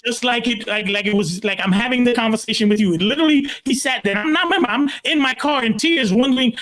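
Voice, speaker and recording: A man in his sixties from Brooklyn, a pastor telling his life story in an interview, emphatic and animated, leaning on "literally" and acting out his own quotes. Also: very high-pitched, quick pace, hardly any pauses. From Brooklyn, New York. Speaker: pastor, guest.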